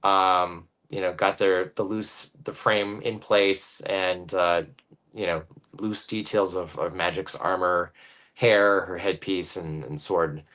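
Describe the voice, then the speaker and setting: A man who is a guest comic artist, explaining his drawing process casually and thinking aloud with many pauses. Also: sits low, fairly even intonation, a bit bright.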